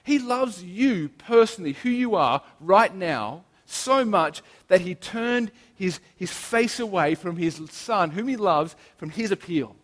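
A man preaching a sermon in an earnest, emphatic way, slowing down to stress key phrases. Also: sits high, lively intonation, fairly bright tone, long reverb tail.

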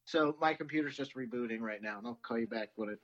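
A man's voice: mid-range voice, fairly bright tone, highs cut off. A man, co-hosting a podcast in easygoing, agreeable casual chat. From Midwestern United States. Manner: easygoing, agreeable, quick to laugh along. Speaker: podcast co-host.

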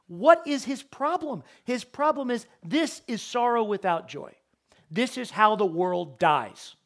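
A preacher with a high voice reads scripture aloud verse by verse during a sermon, explaining each passage emphatically and repeating short phrases to drive points home. He sounds animated and a bit bright, keeping a measured pace.

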